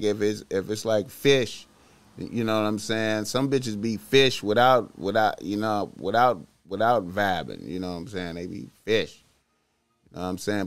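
A man streaming to his chat, rambling through a profane, slangy story that drops to low mumbles and jumps to loud outbursts. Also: smooth. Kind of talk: casual rambling monologue.

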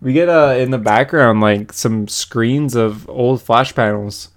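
Blunt podcast co-host. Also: male voice, mid-range voice, unhurried. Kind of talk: casual comic book chat.

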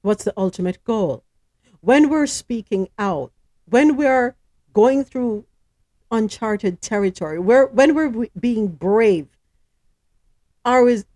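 A woman's voice: mid-range voice, darkish tone, no room sound. A woman hosting a news podcast, reading stories aloud and adding her own chatty comments and questions. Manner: chatty, asks co-hosts questions, stumbles over names.

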